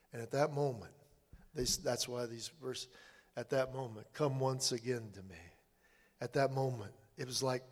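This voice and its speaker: An older man telling his personal testimony in a halting, earnest way, with many restarts. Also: medium pitch. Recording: long hall reverb.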